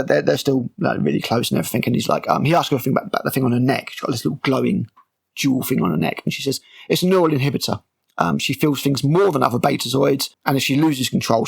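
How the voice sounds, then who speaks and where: Man, sarcastic, exasperated review, raspy, gravelly. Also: medium pitch. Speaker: TV critic. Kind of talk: scene-by-scene review.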